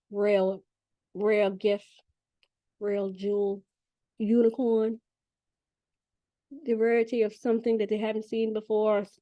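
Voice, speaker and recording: A woman giving a casual spiritual reading in an animated, chatty and profane way. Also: medium pitch, no echo, muffled recording. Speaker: spiritual reader.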